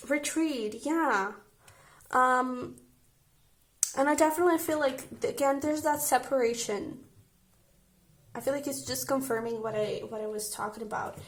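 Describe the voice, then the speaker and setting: A woman's voice: sits high, unhurried, long pauses, a little hiss or hum. A young woman reading tarot cards in a casual, chatty, emotional way, often checking in with her listeners. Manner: chatty and emotional, frequent "I feel like" and "okay?". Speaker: tarot reader.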